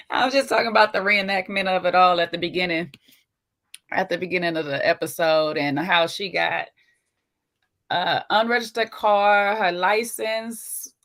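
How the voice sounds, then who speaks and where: A woman with a Southern US twang hosting a casual, slangy recap of a reality TV show, chatty and quick to laugh. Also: medium pitch, expressive, fairly bright tone. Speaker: host.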